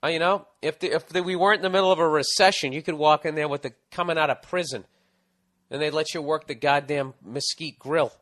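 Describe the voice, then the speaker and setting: Reading a listener's advice letter on his casual podcast, a middle-aged host rants, tells stories and swears freely. He talks fast in a fairly high, steady, slightly bright voice, recorded at studio quality with no room sound.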